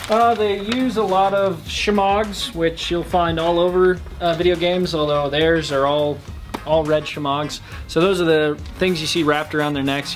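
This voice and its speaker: Eager man pitching his store. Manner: eager, salesy, with "uh" fillers. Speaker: airsoft store owner. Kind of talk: enthusiastic product talk.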